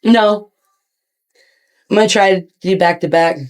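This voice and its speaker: A woman telling animated, profane stories in a casual interview as a guest, acting out quotes with big jumps in her voice. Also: mid-range voice, a little slow. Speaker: guest wrestler.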